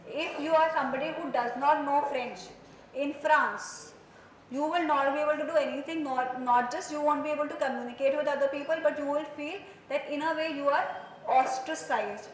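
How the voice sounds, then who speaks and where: A woman with an Indian accent and a high-pitched voice teaches a psychology class, slipping in Hindi phrases and checking in with students as she goes. Her voice bounces around a roomy classroom, with a faint hum of room noise behind it. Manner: conversational, mixes in Hindi phrases, quizzes students with questions. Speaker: psychology lecturer. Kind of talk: classroom lecture.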